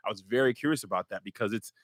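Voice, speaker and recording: A man hosting a casual podcast chat, playful and quick to laugh. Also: fairly low pitch, no echo. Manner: lively, playful, laughs often. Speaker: podcast host.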